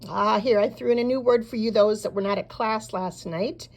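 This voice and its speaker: A woman teaching a recorded beginner language lesson, modeling short phrases slowly and pausing so learners can repeat. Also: medium pitch. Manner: slow, deliberate model phrases with pauses for repeating. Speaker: Spanish teacher.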